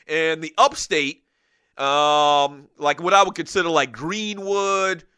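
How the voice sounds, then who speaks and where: A man's voice: fairly high pitch, slow, smooth, dry recording. A middle-aged man from South Carolina with a light Gullah Geechee accent, hosting a casual sports talk show and joking as he reads viewer comments. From South Carolina low country near Charleston. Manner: animated, joking, laughs often. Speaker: show host. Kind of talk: casual sports talk, reading live chat.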